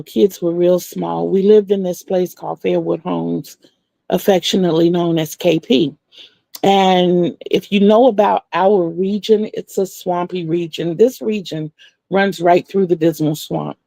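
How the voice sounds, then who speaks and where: A middle-aged woman, telling animated stories on her crochet livestream, laughing often and acting out the voices of the people she quotes. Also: on the low side, gravelly, no room sound. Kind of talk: casual storytelling chat.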